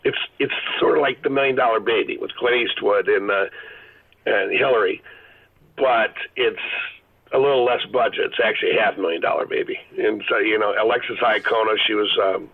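Animated middle-aged man on a phone line. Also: on the low side, a little fast. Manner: animated, rambling storyteller. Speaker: actor guest. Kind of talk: phone-in interview.

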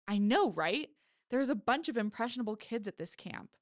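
A woman's voice: a little high, animated, normal speed, dry recording, clean studio sound, voice pushed up, natural voice. A woman reading as a brash teenage girl camper. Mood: teasing. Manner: brash, mocking. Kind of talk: reading a story aloud.

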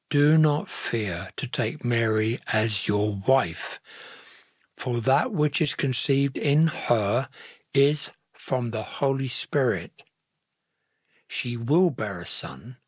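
A man's voice: medium pitch, breathy edge, no echo. Man doing a solemn angel messenger. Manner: slow, solemn proclamation.

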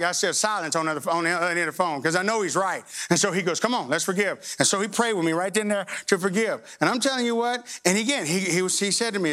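A man preaching a sermon, telling a personal story with lively, animated delivery and acting out voices. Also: sits high. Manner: animated storytelling, voicing himself and others.

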